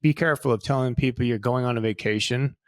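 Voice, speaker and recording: A man's voice: mid-range voice, fairly even intonation, fast talker, no echo. Fifties male co-host, casual and wry, dry close mic. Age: 50s. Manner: easygoing, wry, trails off and restarts. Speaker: podcast co-host, financial advisor. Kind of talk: casual conversational podcast chat.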